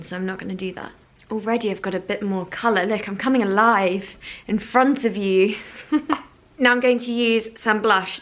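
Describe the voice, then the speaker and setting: A young woman, chatting casually through a makeup tutorial at home by a window, with lots of "like" and soft laughs. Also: medium pitch. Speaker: beauty vlogger.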